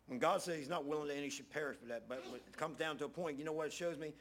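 A man's voice: fairly high pitch, very fast, hardly any pauses, a bit bright, slight background noise. A man preaching a casual, conversational sermon, folksy, often repeating phrases for emphasis.

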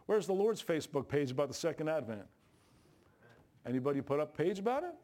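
A man's voice: on the high side, very animated, fast, darkish tone. A man preaching a sermon in a church, folksy and joking, with plain colloquial grammar. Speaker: pastor. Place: church sanctuary. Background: congregation responses.

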